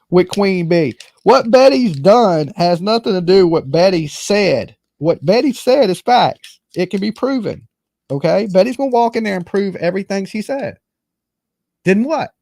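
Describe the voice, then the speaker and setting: A man's voice: high-pitched, darkish tone, no room sound. A man co-hosting a casual commentary show, blunt and exasperated, cursing often. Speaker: co-host.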